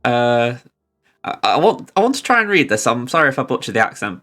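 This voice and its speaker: A man's voice: mid-range voice, lively intonation, fast, pushed and bright, soft background music. A man streaming a video game, chatting casually about his moves and poking fun at himself. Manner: rambling, self-deprecating, chuckling. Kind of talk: casual gameplay commentary.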